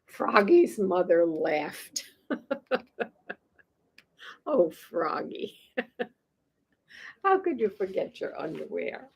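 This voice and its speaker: A woman's voice: medium pitch, big pitch swings, drawn-out words, pauses often, slightly rough. A woman reading a picture book aloud to young children, playful and chuckling, often asking her listeners questions. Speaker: children's storytime reader.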